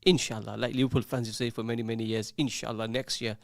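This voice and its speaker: A man's voice: medium pitch, flat delivery, fast talker, gravelly, no room sound, clean studio sound. A man presenting a casual radio show, chatting, teasing his co-host and reading out listener messages. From England. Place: radio studio. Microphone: studio microphone.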